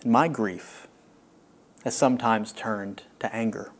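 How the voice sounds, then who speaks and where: Slow, earnest male pastor. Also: lowish voice. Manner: earnest, reflective, with long pauses. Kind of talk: sermon.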